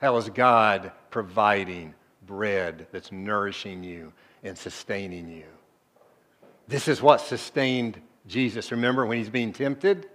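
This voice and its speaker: Slow and deliberate, a man gives a sermon in his role as pastor. His delivery swings between hushed, low sections and loud bursts of emphasis, punctuated by frequent rhetorical questions to the listeners.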